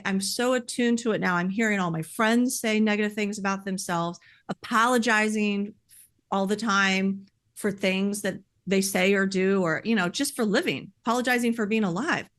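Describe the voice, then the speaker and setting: Woman on a podcast, heartfelt and earnest, medium pitch, lots of "like" and "you know". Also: moderate pace. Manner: heartfelt, animated, often says "like" and "you know". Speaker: podcast speaker sharing personal experience. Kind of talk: earnest conversational podcast talk.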